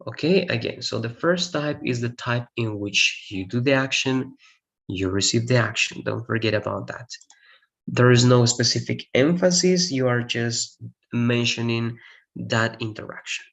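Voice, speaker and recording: A man's voice: medium pitch, unhurried, vocal fry, fairly bright tone. A man whose first language is Spanish, teaching an English grammar lesson and explaining step by step, repeating key points and checking in with "all right?".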